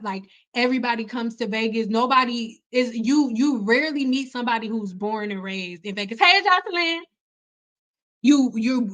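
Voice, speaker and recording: A young woman from Detroit telling stories in a casual livestream, chatty and animated, jumping into other people's voices. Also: rough recording. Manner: animated, chatty, acts out quoted people with big pitch jumps. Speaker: hair care livestream host.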